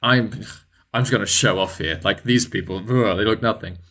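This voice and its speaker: A man's voice: lowish voice, moderate pace, pushed and bright. A man voicing an arrogant, show-off half-orc paladin who blusters and challenges. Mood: pompous.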